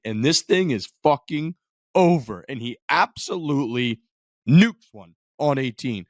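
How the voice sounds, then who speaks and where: Profane, animated man recapping golf. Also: mid-range voice, a little slow, dry recording, studio quality. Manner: animated, profane play-by-play storytelling. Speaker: podcast co-host. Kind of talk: casual sports chat.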